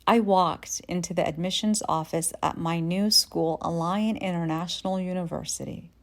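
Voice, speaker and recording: A woman from Yemen in her forties telling a personal story in a measured, reflective way. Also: lowish voice, fairly even intonation. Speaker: podcast host.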